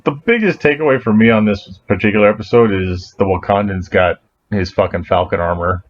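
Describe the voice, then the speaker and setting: A man co-hosting a podcast, rambling in casual chat, profane, with animated asides. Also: on the low side, brisk. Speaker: podcast co-host. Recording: dull lo-fi sound with faint noise.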